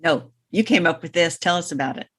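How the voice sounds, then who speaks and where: A woman's voice: lowish voice, expressive, a little fast, slightly rough. Wry, chatty woman co-host. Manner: chatty, wry and matter-of-fact. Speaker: podcast co-host. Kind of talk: casual chat.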